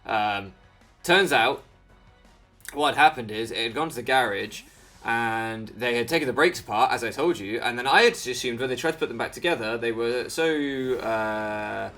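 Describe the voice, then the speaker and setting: A man's voice: medium pitch, fairly bright tone. A man giving casual, rambling commentary over a Pokémon game, easily sidetracked and self-mocking. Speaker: Pokémon video creator.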